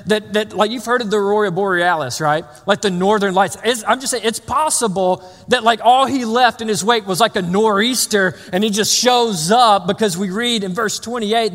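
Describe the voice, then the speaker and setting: A man's voice: sits high, a bit bright. A man preaching a sermon in a loose, conversational way, full of restarts and playful asides. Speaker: pastor. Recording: long reverb of a large hall.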